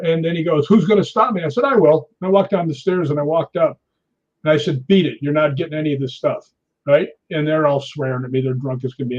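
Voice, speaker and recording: A middle-aged man telling a ghost story in a casual interview, animated, often tagging his lines with "right?". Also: a little high, slightly rough. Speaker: guest. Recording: dull lo-fi audio.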